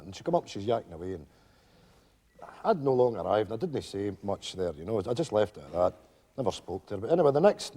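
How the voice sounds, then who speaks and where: On a theatre stage, in live sitcom acting, an elderly Scottish widower and pensioner meanders through a story, piling up fillers and asides. His low voice is dark and husky, yet his pitch swings animatedly, and the performance is heavily acted. The stage gives it a long, ringing reverb.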